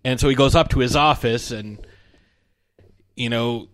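A man's voice: mid-range voice, measured pace, a bit bright, dry recording. Man, casual podcast co-host, rambling recap with acted-out lines, dry close sound. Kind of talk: casual movie discussion.

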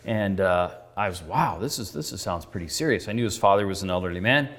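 A man's voice: deep voice, expressive, quick pace, a bit bright. A male pastor tells a story in his sermon, earnest and conversational, acting out the dialogue. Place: church sanctuary. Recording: reverberant church hall.

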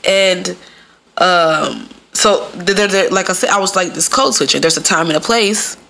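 A woman podcast host from the Midwest talks through a loose comic monologue and slips into the voices of the people she quotes. Her voice sits a little low, with a gravelly fry and a bright, forceful edge. She stays lively and animated throughout. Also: moderate pace. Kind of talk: casual comedic monologue.

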